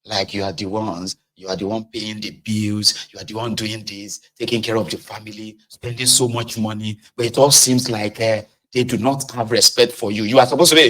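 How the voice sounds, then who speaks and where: A man's voice: on the low side, normal speed. A middle-aged Nigerian man with a Nigerian accent, talking through a casual monologue and slipping into Pidgin asides. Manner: animated, acts out shouted scenes, Pidgin asides. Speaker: vlogger.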